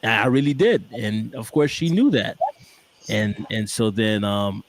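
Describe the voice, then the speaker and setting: A man co-hosting a podcast, telling a story in relaxed, rambling casual chat. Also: fairly low pitch, measured pace. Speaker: podcast co-host.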